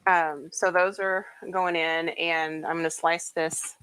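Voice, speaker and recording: A woman's voice: on the low side, flat delivery, takes it slowly, a bit bright, smooth, low-quality recording. A woman hosting a casual home cooking stream, chatty and rambling with plenty of fillers. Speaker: home cooking show host. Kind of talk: casual cooking livestream chat. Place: home kitchen.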